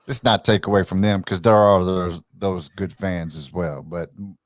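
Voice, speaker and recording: A man's voice: sits low, steady tone, moderate pace, no room sound, studio quality. A man co-hosting a sports podcast, agreeable and often laughing in casual chat. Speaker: podcast co-host.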